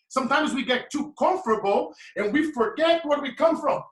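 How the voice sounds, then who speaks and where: A man's voice: very high-pitched, animated, moderate pace, few pauses. A man, giving a preaching, emphatic motivational talk as a guest speaker. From Brazil. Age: late 30s. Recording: echoey room, mic at a distance.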